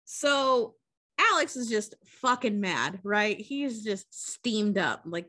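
Young woman on a podcast, kinda high bright voice, swears a lot, acts out all the lines while she retells a movie. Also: slow pace. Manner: profane, animated storytelling with acted quotes. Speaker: podcast co-host. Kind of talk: casual chat, recapping a movie.

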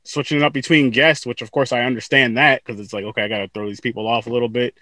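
A man's voice: mid-range voice, steady tone, quick pace, sharp tone, dry recording. A man hosting a podcast, chatting casually with guests, laughing often and repeating words as he talks. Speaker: podcast host. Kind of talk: casual interview chat.

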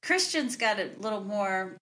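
A woman's voice: medium pitch, lively intonation, unhurried, sharp tone. A woman co-hosting a movie podcast, easygoing and agreeable in casual chat, laughing along. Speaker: podcast co-host.

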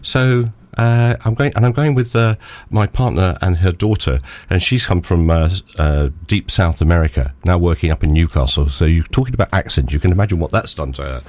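A man's voice: low-pitched, fairly quick, few pauses, a little mellow, dry recording. A man in his sixties from Scotland with an English accent, telling rambling anecdotes with dry humour as a radio guest. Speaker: interview guest, former diplomat. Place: radio studio.

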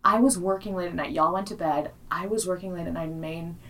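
A woman's voice: on the low side, steady tone, fast talker, fairly bright tone. Chatty woman co-host, slightly distant mic. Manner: chatty storyteller, acts out quotes. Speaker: podcast co-host. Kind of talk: casual chat.

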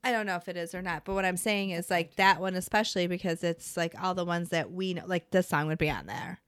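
A woman's voice: fairly low pitch, fast, a bit bright, smooth, no room sound. A woman co-hosting a casual chat about songs, gushing and sentimental, full of fillers. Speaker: podcast co-host.

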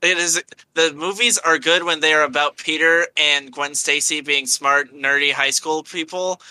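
A man's voice: a little high, steady tone, normal speed, pushed and bright, clean tone, no room sound, rough recording. A man co-hosting a podcast, chatting casually and emphatically complaining about movies. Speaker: podcast co-host. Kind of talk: casual film chat.

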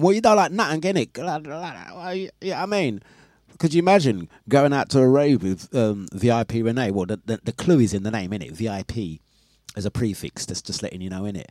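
A man's voice: mid-range voice, animated, brisk, warm tone, no room sound. A man hosting a casual breakfast radio show, chatting, reading listener messages and laughing often. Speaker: radio DJ and host.

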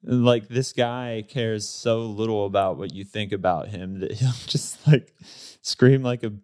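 A man in his thirties, a guest in a casual interview, telling stories in a relaxed way with lots of fillers and laughs. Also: lowish voice, measured pace, dry recording, clean studio sound. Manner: relaxed storyteller, laughs often, many fillers.

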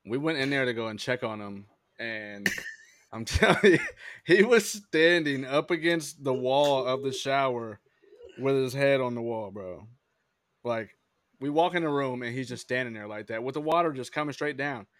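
Excitable slangy man laughing through stories. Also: medium pitch, normal speed, no echo. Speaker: podcast co-host. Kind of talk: casual chat.

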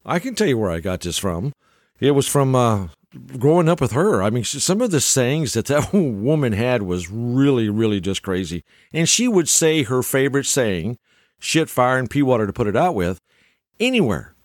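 A man's voice: medium pitch, sing-song, normal speed, dry recording, clean studio sound. An older man telling stories in a casual, rambling monologue, chuckling often and restarting his sentences. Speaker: storyteller.

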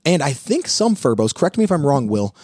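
A man hosting a live pet advice talk, walking viewers through dog training steps in an energetic, coaching way. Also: on the high side, fairly quick, slightly rough, dry recording.

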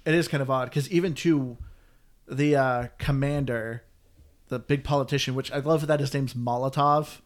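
A man's voice: medium pitch, steady tone, moderate pace. A man hosting a casual chat, talking in a chatty, complaining way. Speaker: podcast host.

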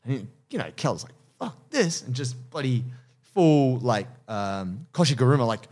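A man's voice: mid-range voice, animated, normal speed, darkish tone. A man hosting a casual podcast, talking animatedly about jiu-jitsu coaching, laughing often and swearing casually.

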